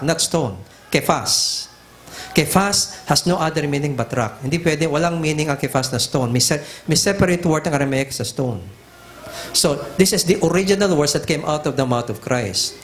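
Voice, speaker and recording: A middle-aged man with a Filipino accent delivers a teaching sermon in an emphatic, driving manner, repeating his points for effect. His voice sits a little high for a man, and he slides between languages as he presses each argument home. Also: moderate pace, slight background noise. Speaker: pastor.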